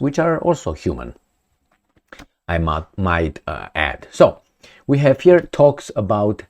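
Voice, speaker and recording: A man giving sarcastic political commentary with non-native phrasing, animated and fond of mouthing sound effects. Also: fairly low pitch, slow, pauses often.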